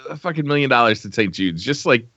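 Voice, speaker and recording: A man's voice: medium pitch, expressive, fast, sharp tone, no echo, dull audio. A man hosting a casual gaming podcast, reading listener questions aloud in a candid way and swearing freely.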